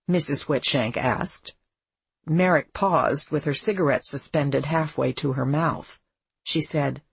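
A woman narrating a novel in a measured, unhurried reading. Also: sits low, gravelly, husky, no echo. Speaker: audiobook narrator. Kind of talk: scripted narration.

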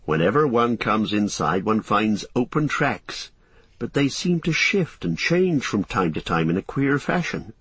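A man voicing a calm, knowing male hobbit who explains the way ahead in a measured manner. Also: lowish voice, breathy edge, no room sound, heavily acted. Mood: explaining.

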